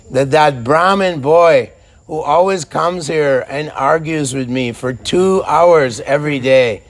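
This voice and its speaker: A man's voice: on the high side, natural voice. A man voicing a poor, humble male devotee who talks simply and matter-of-factly. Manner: simple, plain, matter-of-fact.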